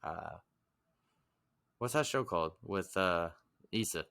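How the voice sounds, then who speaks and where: A man co-hosting a podcast in casual chat, laid-back and hesitant with many pauses. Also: sits low, animated, vocal fry, a bit bright, clear, resonant tone, no room sound, studio quality. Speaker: podcast co-host.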